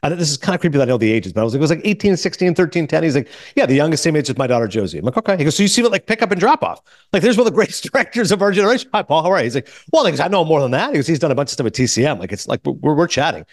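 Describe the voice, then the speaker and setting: A man hosting a podcast, telling a story in casual chat and quoting others in quick asides. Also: on the high side, big pitch swings, no echo, studio quality. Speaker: podcast host.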